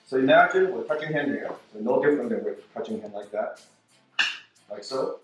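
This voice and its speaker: A man's voice: mid-range voice, animated, a little fast. Man teaching from across a echoey room. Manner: broken English, repeats words while demonstrating. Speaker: martial arts instructor. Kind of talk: demonstration lesson. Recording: roomy echo, mic at a distance, faint music.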